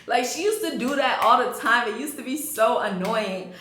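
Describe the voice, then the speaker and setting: A woman's voice: on the high side, animated, moderate pace, fairly bright tone. Chatty young woman telling a story. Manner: chatty, addresses viewers as y'all, laughs often. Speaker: vlogger. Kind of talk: storytime vlog. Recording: roomy echo.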